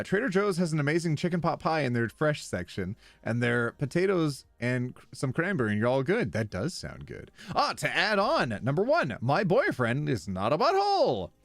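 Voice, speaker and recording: A man's voice: mid-range voice, sing-song, measured pace, no room sound, faint music behind. A man streaming, casually reading online posts aloud with playful, wry commentary and easy laughter.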